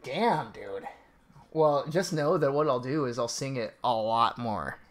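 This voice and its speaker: A man's voice: mid-range voice, animated, measured pace. A man casually chatting with viewers on a live stream, reading out donations in a rambling, laid-back way, laughing often and swearing offhandedly.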